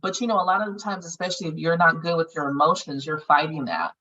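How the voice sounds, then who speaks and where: A woman with a low, bright and forceful voice guides a healing circle in casual, earthy talk with frequent swearing. She sounds distant from the mic, and the audio is dull and lo-fi. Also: animated, fast. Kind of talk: casual group guidance on meditation.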